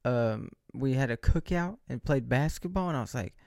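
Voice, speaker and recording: A man's voice: medium pitch, expressive, moderate pace, creaky, darkish tone, no echo, studio quality. A man in his late twenties vlogging, rambling and joking about himself with many restarts. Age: 20s. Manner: joking, self-mocking, rambling with frequent restarts. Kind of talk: casual rambling monologue. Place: indoors under bright lights.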